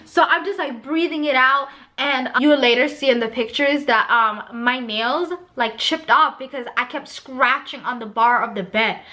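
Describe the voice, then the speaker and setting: Young woman, vlogger, high voice, bright tone, casual, talks to viewers. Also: normal speed, few pauses. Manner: chatty, addresses viewers as you guys. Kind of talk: casual storytelling to camera.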